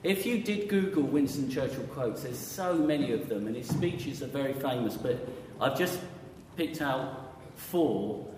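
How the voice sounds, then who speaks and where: A man's voice: medium pitch, lively intonation, unhurried, few pauses, noisy background. A man preaching a conversational sermon, often quizzing his audience with questions. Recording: echoey hall with long reverb.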